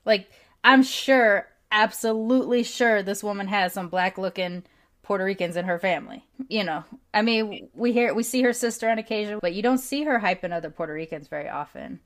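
A woman hosting a casual podcast interview, candid and animated, swearing freely and laughing often as she tells stories. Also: mid-range voice, brisk. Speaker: podcast host.

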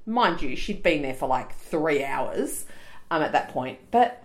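Aussie woman in her 40s on a podcast, super lively voice, jumps around doing little impressions. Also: deep voice, unhurried. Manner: animated storyteller, acts out voices. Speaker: podcast co-host. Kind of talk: casual chat.

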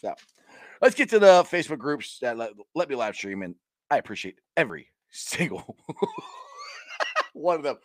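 Lively excitable man, sports podcast host. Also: mid-range voice, brisk, no room sound, clean studio sound. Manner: excitable, laughs often, hypes listeners. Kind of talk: casual sports podcast chat.

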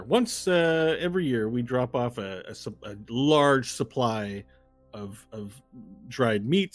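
A smooth, oily male crime boss from hell , voiced by a man, all false apology and veiled threat. He talks in halting, restarting phrases with a husky edge, in a tabletop role-playing game. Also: mid-range voice.

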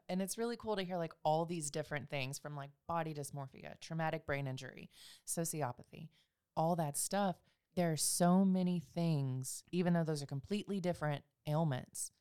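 A woman's voice: low-pitched, darkish tone, clear, resonant tone, no echo, studio quality. A woman co-hosting a podcast in casual chat, candid and confessional, laughing easily. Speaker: podcast co-host.

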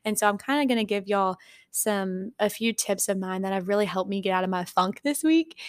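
A young woman talks to her listeners as a friend would, earnest and unhurried, easing down whenever she reads a verse aloud. Her voice sits at an everyday middle pitch, recorded close and dry with no room sound. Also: dry recording. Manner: earnest, slows down to read scripture aloud. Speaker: podcast host. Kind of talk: casual faith talk, friend to friend.

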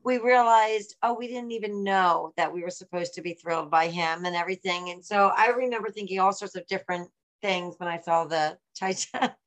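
A woman's voice: lowish voice, a little fast. A woman hosting a casual chat, asking questions and sharing her own stories in an encouraging way.

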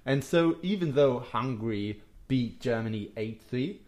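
A man's voice: medium pitch, expressive, unhurried, darkish tone. A man co-hosting a podcast, chatting casually and teasingly about football. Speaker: podcast co-host.

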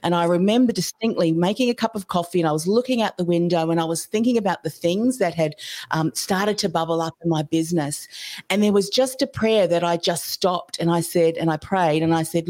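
A woman's voice: lowish voice, brisk, darkish tone. A woman hosting a podcast and sincerely sharing a faith-filled personal story with her guest. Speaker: podcast host.

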